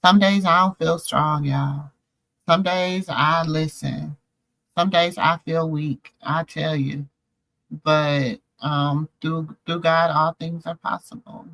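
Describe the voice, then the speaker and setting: A woman's voice: low voice, fairly even intonation, slow, a bit bright, dry recording. A middle-aged woman hosting a show, telling a personal story in an emotional, preacherly way and calling listeners baby and y'all. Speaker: show host.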